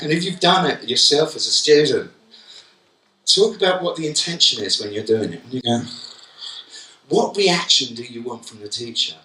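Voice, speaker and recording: A man delivers a lively, comic keynote to a room of teachers. His voice is very bright and cutting. He is picked up from a distance in an echoey conference hall. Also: mid-range voice, unhurried, pauses often. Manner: comic, animated storytelling. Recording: echoey hall, mic from far off.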